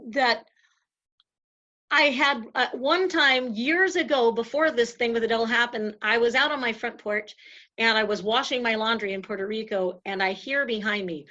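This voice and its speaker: A woman's voice: fairly high pitch, moderate pace, pushed and bright, highs cut off. A woman guest in a casual interview, telling stories animatedly and acting out voices, with frequent laughter.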